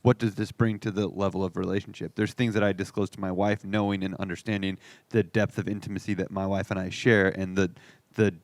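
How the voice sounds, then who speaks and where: A man's voice: low-pitched, little pitch movement, brisk, few pauses, no echo. A man co-hosting an unscripted faith podcast, speaking thoughtfully and reflectively. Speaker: podcast co-host.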